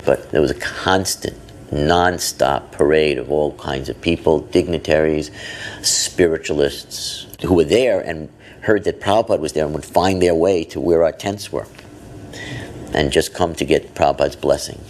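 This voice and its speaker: Very low male voice, thoughtful reminiscence with pauses, faint ambience. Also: darkish tone. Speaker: devotee recalling memories. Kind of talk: reflective recollection.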